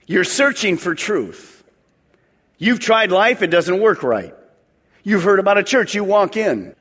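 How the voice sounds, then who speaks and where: Animated high-voiced preacher in a reverberant hall. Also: male voice. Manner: animated preaching, acting out voices, call-and-response with the congregation. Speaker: pastor. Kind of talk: sermon. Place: church sanctuary.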